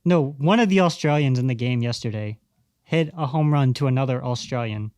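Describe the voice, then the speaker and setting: A man with an ordinary mid-range voice walks through pitching numbers and player stats at a measured pace. The sound is close and dry, in relaxed podcast chat. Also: no echo. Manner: stat-heavy, measured. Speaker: podcast co-host. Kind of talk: casual sports chat.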